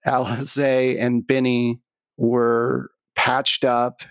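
A man's voice: medium pitch, completely flat delivery, very slow, clear, resonant tone, no echo. A man narrating a tabletop role-playing game as its game master.

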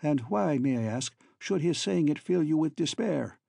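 A man's voice: a little high, lively intonation, moderate pace, creaky, dark tone, husky, no echo, clean studio sound, heavily acted. A man doing a jaunty Irish prisoner. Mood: wry. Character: cheerful young Irish prisoner with a brogue.

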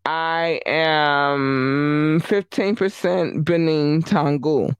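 A man talks straight to his audience in a casual, emphatic monologue, circling back and repeating his points. His voice sits a little high and he takes his time with each phrase. The sound is dry and close. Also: very slow, smooth, no room sound. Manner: animated, emphatic, repeats himself.

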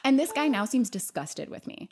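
A young woman co-hosting a podcast, chatting casually about a film and telling an animated story, laughing often. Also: on the high side, moderate pace, vocal fry, slightly rough. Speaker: podcast co-host. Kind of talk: casual chat recapping a film.

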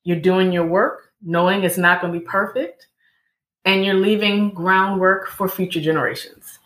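Woman, interview guest, emphatic, lecturing, lower voice, echoey room. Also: steady tone, moderate pace, a bit bright. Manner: emphatic, lecturing, lists examples. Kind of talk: interview answers.

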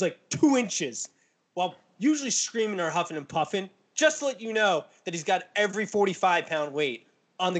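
A man's voice: fairly high pitch, fairly bright tone. A man hosting a casual podcast, blunt and joking with mild cursing. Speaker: podcast host. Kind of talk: casual chat.

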